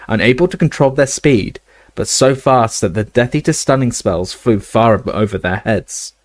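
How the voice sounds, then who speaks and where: A man narrating a fantasy novel aloud, steady, with occasional slips and restarts. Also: mid-range voice, dry recording. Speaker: audiobook reader. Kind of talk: casual audiobook narration.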